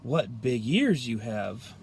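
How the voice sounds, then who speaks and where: A man voicing a cheerful, polite little girl in a children's storybook, speaking in a bright, eager way. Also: fairly high pitch, expressive, moderate pace, slight background noise, natural voice. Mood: hushed careful.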